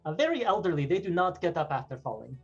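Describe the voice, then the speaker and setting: Low, husky woman player. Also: big pitch swings, fast, dull audio, soft background music. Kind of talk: casual game chat.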